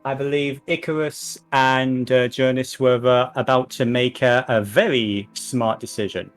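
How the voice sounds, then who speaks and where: A male game master narrating a tabletop session at a slow, relaxed pace. His voice sits mid-range, and he pauses often with fillers as he sets each scene. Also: medium pitch, soft background music. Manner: unhurried, filler-heavy narration.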